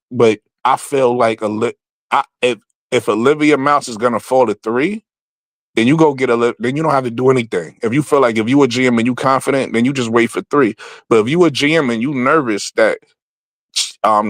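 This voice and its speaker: A man's voice: medium pitch, no echo. Pushy man in a sports debate. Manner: insistent, interrupting, pressing for a direct answer.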